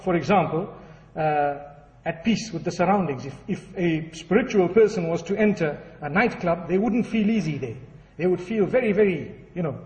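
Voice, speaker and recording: A man's voice: sits high, a little mellow. A man giving an evening religious talk and telling a parable in a conversational way, often saying "you know". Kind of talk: sermon with a storytelling parable. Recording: distant dull hall recording with faint ambience.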